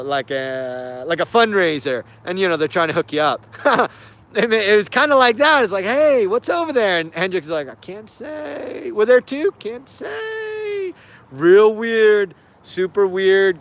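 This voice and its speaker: A man hosting a casual live stream, animated and sarcastic, laughing often and using lots of fillers. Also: a little high, smooth. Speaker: host.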